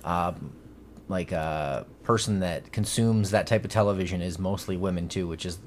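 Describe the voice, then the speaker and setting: A man with a very low voice trades banter with his partner on a home podcast. He answers in a dry, offhand, dismissive way. A faint hiss sits under the recording. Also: normal speed, a little mellow. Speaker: podcast co-host. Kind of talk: casual couple chat.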